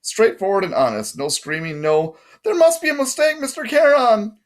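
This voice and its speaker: A man voicing a sly, cold male ferryman of the dead, speaking smoothly and mockingly with a put-on British accent. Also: sits high, lively intonation, normal speed, voice pushed up.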